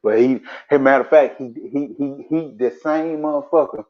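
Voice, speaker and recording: A man's voice: mid-range voice, normal speed, muffled recording. A man telling a rambling, profane story about run-ins with police in casual chat, laughing as he goes.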